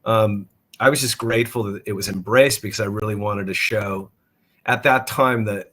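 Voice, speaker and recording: A man as a musician guest in a casual interview, talking in a halting way and often repeating words as he thinks. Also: on the low side, steady tone, a bit bright, low-quality recording.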